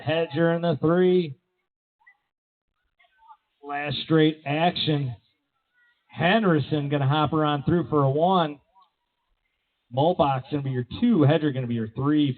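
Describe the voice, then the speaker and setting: A man announcing races live at an outdoor BMX track, with energetic play-by-play full of rider nicknames. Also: on the high side. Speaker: race announcer. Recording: tinny, phone-like sound.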